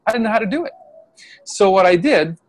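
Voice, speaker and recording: A middle-aged man, a Chinese medicine practitioner, telling a story in casual conversation from home over a video call, animated and laughing often. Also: sits high, a little fast. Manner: animated, acts out voices when quoting people, laughs often. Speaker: Chinese medicine practitioner and qigong healer, interview guest.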